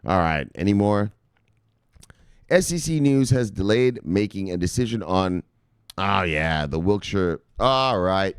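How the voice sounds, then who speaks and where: A man hosting a crypto news show, talking casually and brashly to his viewers, swearing often and reading out viewer shout-outs. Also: low voice, animated, measured pace, clear, resonant tone, dry recording, clean studio sound. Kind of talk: casual profane market commentary to viewers.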